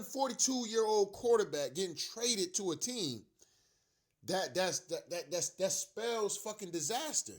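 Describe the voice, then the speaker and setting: A young man tears into his team's coaching in a profanity-laced fan rant. His pitch sits a little high and swings widely as he hammers points over and over. He talks with loose, emphatic slang. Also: lively intonation, unhurried. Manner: profane, emphatic, repeats himself. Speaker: sports fan commentator. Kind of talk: heated sports rant.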